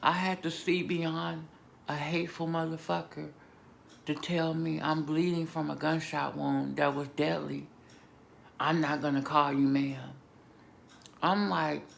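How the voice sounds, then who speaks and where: Gravelly-voiced woman telling her story. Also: low-pitched, slight background noise. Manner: emphatic, swings between hushed and loud. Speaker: vlogger sharing a personal story. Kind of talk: emotional personal testimony.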